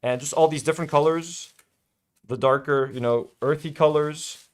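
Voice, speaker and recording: A man's voice: fairly high pitch, moderate pace. A young man hosting a casual hobby vlog, chatty and self-delighted, full of fillers. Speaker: toy-building channel host.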